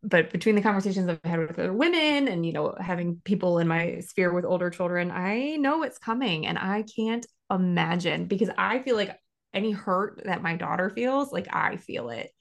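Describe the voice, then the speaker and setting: A woman podcast host, sharing reflectively and backing her guest with soft affirmations. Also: lowish voice, expressive, normal speed, gravelly.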